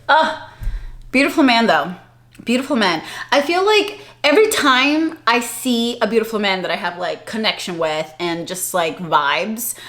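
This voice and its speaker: A young adult woman vlogging, telling a story in a chatty, animated way and laughing often. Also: mid-range voice. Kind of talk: casual storytelling vlog.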